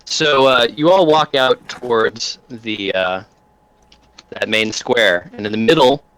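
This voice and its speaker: A man narrating a tabletop game as game master, halting with many fillers and restarts. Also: medium pitch, a bit bright, low-quality recording.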